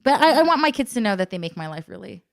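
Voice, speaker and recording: A woman's voice: mid-range voice, fast talker, creaky. A middle-aged woman co-hosting a casual podcast, telling family stories and laughing often. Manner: laughs often, animated storytelling. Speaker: podcast co-host. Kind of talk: casual chat.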